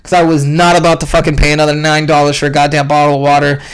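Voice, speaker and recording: A young man ranting casually about a fight event, profane and rambling, clearly irritated. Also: a little high, completely flat delivery, racing. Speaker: podcast host recapping a fight event.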